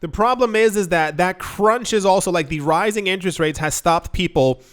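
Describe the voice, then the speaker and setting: A man's voice: high voice, moderate pace, fairly bright tone. A young man hosting a crypto news show, talking in a loose, rambling way with many asides and self-corrections. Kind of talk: casual news commentary.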